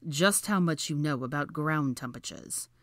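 A sulky young wizard, voiced by a woman reading a story aloud, drawling every word with a sneer. The voice sits low and is dry and close, with no room around it. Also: normal speed, no room sound. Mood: irritable. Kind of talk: audiobook character voice.

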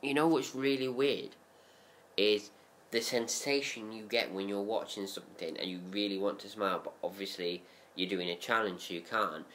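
Deep, bright-toned man rambling casually. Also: normal speed, a little hiss or hum. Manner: rambling, thinking out loud. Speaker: co-host. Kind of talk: casual chat.

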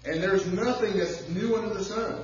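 Male pastor, fairly high voice, folksy storytelling sermon, recorded from far back in a very echoey church with dull sound. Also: a little hiss or hum. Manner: conversational preaching with personal stories, drawling slow emphasis.

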